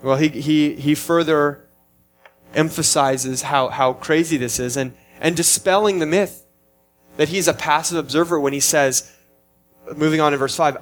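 A man's voice: a little high, normal speed, slight background noise. A man preaching a sermon in an earnest, emphatic way, often restarting his phrases as he explains a passage. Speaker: pastor.

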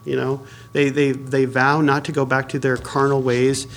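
A man's voice: mid-range voice, completely flat delivery, normal speed. A man, a pastor, preaches a sermon in a conversational way, with many fillers and restarts, and asks the congregation questions.

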